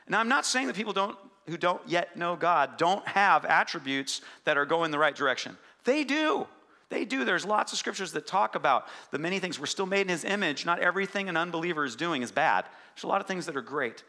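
Gravelly, bright-voiced preaching man. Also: animated, fairly quick. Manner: swings from loud urgent preaching to quiet low emphasis. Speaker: pastor. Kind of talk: sermon.

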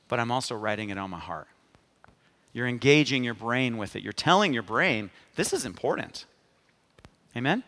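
A man's voice: medium pitch, sharp tone, big-room sound. A man preaching a sermon, emphatic, often turning to the congregation with a questioning 'amen?'. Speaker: pastor.

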